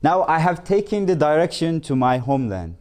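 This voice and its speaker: A man's voice: a little high, big pitch swings, a little fast, a little mellow, voice pushed up. A man voicing an eager caged parrot. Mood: calm, grateful. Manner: eager, pleading questions. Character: pleading caged male pet parrot.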